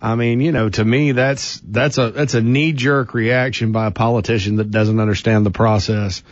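A man's voice: medium pitch, fairly even intonation, normal speed, dry recording, muffled recording. A man co-hosting a sports radio show, giving firm opinions with frequent restarts.

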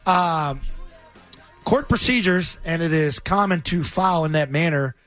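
A man's voice: on the high side, unhurried, a bit bright, soft background music. A man co-hosting a sports talk radio show, talking in a loose, rambling, jokey way. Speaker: radio co-host. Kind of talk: casual sports radio banter.

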